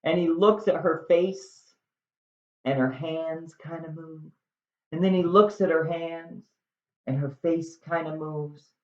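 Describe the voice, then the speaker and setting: Slow, wry man retelling a play. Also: on the high side, fairly even intonation. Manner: wry, conversational, jokey asides. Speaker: video host. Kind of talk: casual storytelling lesson. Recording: roomy, slightly dull recording.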